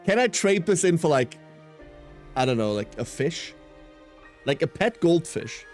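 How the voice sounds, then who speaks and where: Lively self-mocking male streamer. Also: on the high side, a little slow, pauses often, faint music behind. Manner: rambling, self-mocking, answers chat aloud. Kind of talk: casual live-stream chat while gaming.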